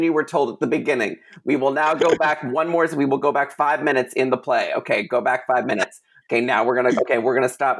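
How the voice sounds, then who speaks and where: An imperious stage diva voiced by a man, firing off scolding orders at speed and repeating them. The voice has a gravelly edge, and it keeps a middle pitch.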